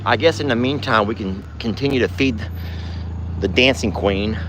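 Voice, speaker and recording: A man hosting a casual ranch vlog outdoors at night, drawling to viewers and cooing in a high sing-song at his cows. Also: normal speed, noisy background. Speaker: ranch vlogger.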